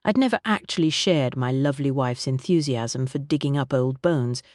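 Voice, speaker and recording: An audiobook narrator reading a period mystery novel in an even, measured storytelling manner. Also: medium pitch, no echo, studio quality.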